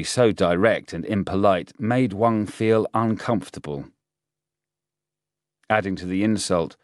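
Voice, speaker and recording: A man reading an audiobook aloud, steady and measured. His voice sits very low, and the recording is dry and close with no room sound. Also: dry recording. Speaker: audiobook narrator. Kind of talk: scripted narration.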